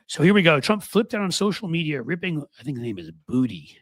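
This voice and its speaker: Sarcastic husky man in his fifties. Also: fairly high pitch, big pitch swings, fast, dry recording. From New York City. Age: 50s. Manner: sarcastic, mocking, rambling. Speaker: political commentator host. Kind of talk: political commentary monologue. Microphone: studio microphone.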